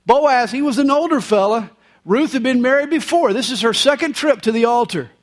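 Punning pastor with a high voice. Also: male voice, animated, brisk. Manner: folksy punning humor. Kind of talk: sermon. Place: church service, live.

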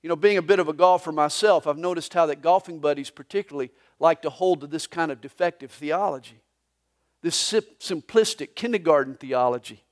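High-voiced male pastor preaching. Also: a little fast. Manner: storytelling with jokes and anecdotes. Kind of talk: sermon. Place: church sanctuary during a live service.

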